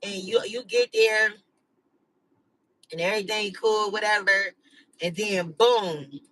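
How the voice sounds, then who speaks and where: A woman's voice: medium pitch, slow, a bit bright, poor audio. A woman hosting her channel, chatting casually with live viewers in a slangy, rambling way full of "like" and "you know.". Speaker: channel host.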